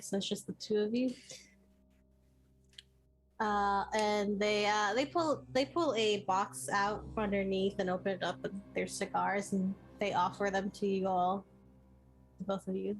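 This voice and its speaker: A woman narrating as dungeon master in a tabletop game, hesitant with many pauses. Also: medium pitch, faint music behind, poor audio.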